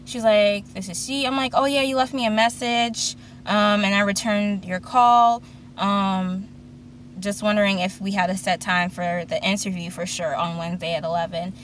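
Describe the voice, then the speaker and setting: Sitting in her parked car, a twenty-something woman spins a long, chatty tale for her vlog, performing the quoted voices of each character. She speaks at an ordinary pace in a mid-pitched, fairly level tone over a faint hiss or hum.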